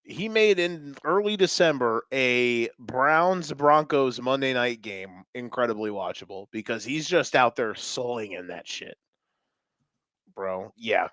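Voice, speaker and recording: A man co-hosting a sports podcast, talking fast and animated with swearing and jokes. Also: medium pitch, no room sound. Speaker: podcast co-host. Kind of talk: excited sports talk.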